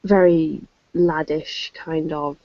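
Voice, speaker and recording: An English woman chatting on a video call, self-mocking and quick to laugh. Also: sits low, steady tone, dry recording. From England. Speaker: show regular. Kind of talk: casual chat on a video call. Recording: dull lo-fi call audio.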